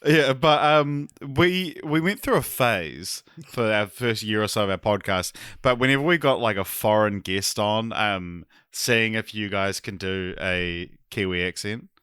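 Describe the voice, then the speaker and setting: A male podcast co-host with a lower voice, chatting casually and teasing the guests. the sound is dry and close, with no room echo. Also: unhurried, hardly any pauses, a bit bright, smooth.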